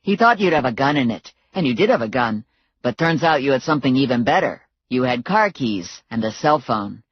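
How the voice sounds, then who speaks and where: A woman doing a calm, steady male security expert. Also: rumbling low, brisk, husky, no room sound, dull audio, pitched below the performer's own voice, full character voice.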